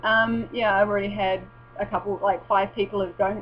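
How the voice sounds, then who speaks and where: Chatting casually at home as a vlogger, a woman rambles and swears, often stopping mid-sentence. Her medium-pitched voice holds a steady tone and moves a little fast, over a dull lo-fi recording with mains hum.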